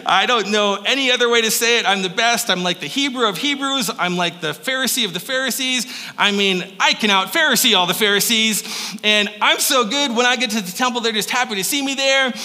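Man voicing a smug show-off, higher and brighter, big hall echo. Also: a little fast, exaggerated voice. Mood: boastful. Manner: bragging, playful. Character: boastful man, a proud rule-keeper. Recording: echoey hall.

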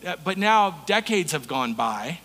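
Guy preaching a sermon, kinda high bright voice, chatty storytelling, big reverby hall. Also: big pitch swings, measured pace. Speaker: pastor.

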